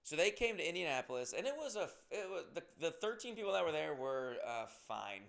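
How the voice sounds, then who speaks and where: A comedian and podcast host delivers a casual monologue in a higher-side, creaky, fairly bright voice with big pitch swings, talking a little fast. He tells rambling, self-deprecating stories and swears often.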